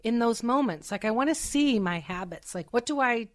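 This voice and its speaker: A woman's voice: a little high, expressive, moderate pace. A woman in her forties hosting a podcast, talking thoughtfully and earnestly in casual chat. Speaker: podcast host.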